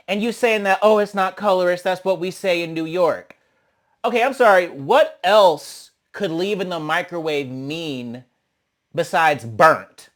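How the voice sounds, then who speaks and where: A young man hosting a casual, sassy recap of a reality show, animated and blunt, often slipping into mocking voices for the cast. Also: sits high, unhurried.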